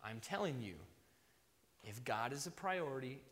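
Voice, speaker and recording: A man who is a father, preaching a sermon, swinging between loud emphasis and soft near-whispers. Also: medium pitch, expressive, normal speed, big-room sound. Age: young adult to middle-aged, a father.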